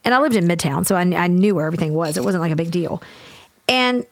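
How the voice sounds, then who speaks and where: A woman co-hosting a podcast, telling a story in a lively casual way and acting out what everyone said. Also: on the low side, dry recording. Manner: animated, fast, acts out everyone's lines. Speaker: podcast co-host.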